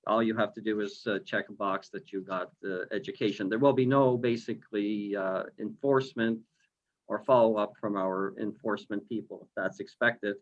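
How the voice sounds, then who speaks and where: A man's voice: on the low side, steady tone, normal speed. A man who is mayor, explaining his view in a council meeting with many hesitations. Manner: hesitant, many ums and uhs. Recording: dull lo-fi call audio.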